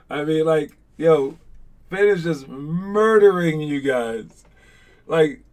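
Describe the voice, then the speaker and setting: A slightly high-voiced man leads a casual live online basketball session, talking loosely and filling gaps with ums and "dude"s. He rambles between tips and gets excitable while teasing his players. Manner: chatty and rambling, many fillers and "dude"s. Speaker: basketball coach.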